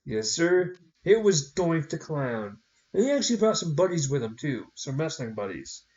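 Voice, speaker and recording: A man's voice: fairly high pitch, normal speed. A young man hosting a podcast, telling a rambling story in casual chat and acting out the people in it. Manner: rambling, animated, acts out quotes. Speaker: podcast host. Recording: roomy, distant, dull sound.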